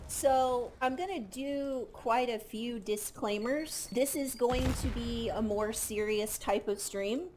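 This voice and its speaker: A woman's voice: fairly high pitch, slow pace, few pauses, background noise. A woman streamer addressing her chat seriously, earnest and apologetic, choosing her words with care.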